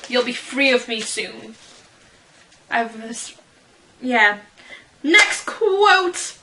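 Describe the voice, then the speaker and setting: Young woman, fan vlogger, slow giggly ramble, bright tone. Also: a little high, sing-song, slight background noise, low-quality recording. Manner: giggly, rambling, self-deprecating. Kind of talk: casual chat.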